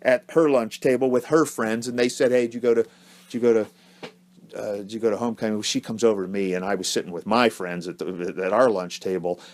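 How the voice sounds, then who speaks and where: A man co-hosting a casual podcast, telling a story in a halting, earnest way and repeating words as he goes. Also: fairly low pitch, steady tone. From Ohio, US. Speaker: podcast co-host.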